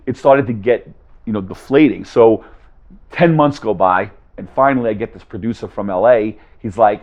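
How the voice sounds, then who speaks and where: A man in mid-range pitch tells a story with animated energy, switching voices to act out each side of a conversation. The sound is dull and slightly lo-fi. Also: moderate pace. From Las Vegas, USA. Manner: animated, acts out both sides of conversations. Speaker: guest speaker. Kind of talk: storytelling talk to a live audience.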